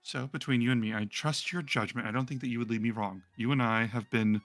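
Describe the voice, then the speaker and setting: A man voicing a gentle, courteous male centaur noble in a tabletop game, speaking softly and slowly. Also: medium pitch, fairly even intonation, faint music behind, pitched below the performer's own voice, lightly acted. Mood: earnest.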